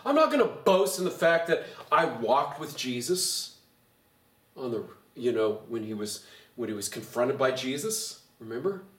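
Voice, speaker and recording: Lively pastor in an echoey hall. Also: male voice, mid-range voice, normal speed. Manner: animated, sarcastic, gets loud when excited. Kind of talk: Bible study teaching. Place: church. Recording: echoey room, mic far off.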